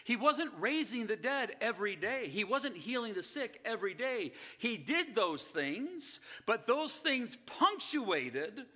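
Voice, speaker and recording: Bright-voiced man preaching a sermon. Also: extremely high pitch, very animated, unhurried, hardly any pauses. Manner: earnest, emphatic preaching with rhetorical questions. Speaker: pastor.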